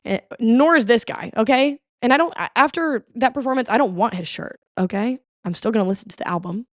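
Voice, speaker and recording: A woman hosting a podcast in casual chat, telling stories in an animated way. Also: on the high side, brisk, no echo, clean studio sound. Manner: animated storytelling with quoted voices. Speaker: podcast host.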